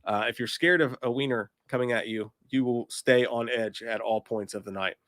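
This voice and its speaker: A man hosts a casual movie livestream, sounding congested and coughing now and then from illness. He swears freely and reads chat comments aloud with a goofy, joking manner. The recording is dry and close, with an even, mid-range voice. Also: medium pitch, moderate pace, dry recording. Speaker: livestream movie podcast host.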